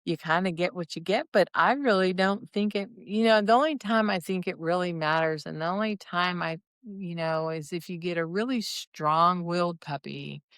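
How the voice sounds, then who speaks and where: Chatty dog breeder with a smooth voice. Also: medium pitch, normal speed, hardly any pauses, fairly bright tone, no echo. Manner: chatty and rambling, with many restarts and asides. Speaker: dog breeder telling stories. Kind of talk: casual storytelling chat.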